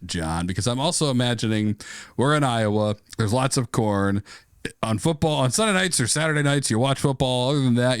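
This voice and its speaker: Male podcast co-host, enthusiastic, laughs a lot, pitch all over the place, dry close sound. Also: dry recording. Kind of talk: casual brainstorming chat.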